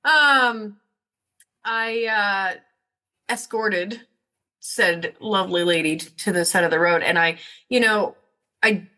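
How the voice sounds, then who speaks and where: A woman hosting a podcast, rambling through casual chat with animated storytelling and plenty of swearing. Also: medium pitch, slow pace, long pauses. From Northern New York. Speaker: podcast host.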